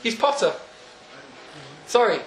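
A man with a notably high voice leads a Talmud class, firing questions at his students and laughing between points. The room is echoey. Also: big pitch swings, slow. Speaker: teacher.

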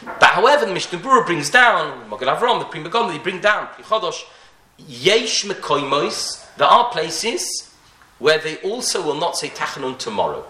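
A man gives a Talmudic lecture with a lively, swooping delivery. His voice is fairly high and bright, and it echoes through the room. He keeps posing questions to his listeners and often restarts his phrases. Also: normal speed. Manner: rhetorical questions, frequent restarts, Hebrew and Yiddish terms. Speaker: rabbi teaching a Torah class.

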